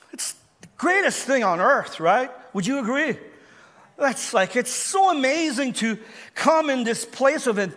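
A man preaching a sermon as pastor, animated and questioning his listeners, often repeating words as he goes. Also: sits high. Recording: long hall reverb.

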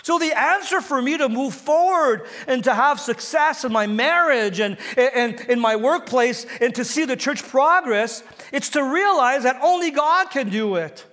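A man's voice: extremely high pitch, lively intonation, measured pace, hardly any pauses, fairly bright tone, in a large hall. A male pastor preaching a sermon, retelling a story and asking his listeners questions, building toward emphatic exhortation. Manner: storytelling, asks the congregation questions. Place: church sanctuary.

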